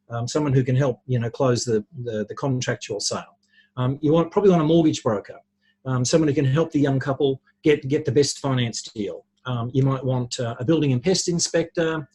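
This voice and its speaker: A man, a podcast guest, explaining ideas with lively anecdotes and worked examples. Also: medium pitch, breathy edge. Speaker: podcast guest, relationships speaker. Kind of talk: conversational storytelling.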